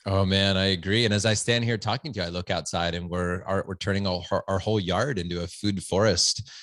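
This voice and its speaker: This podcast guest has a low voice with fairly even intonation, a brisk pace and a fairly bright tone, with no room sound. Standing at home during a conversational interview, he comes across as earnest and reflective and frequently starts his phrases over.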